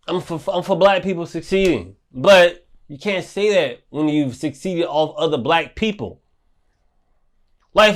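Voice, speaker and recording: A man delivering a heated, profane monologue to camera, repeating his points for emphasis. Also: fairly high pitch. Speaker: commentator.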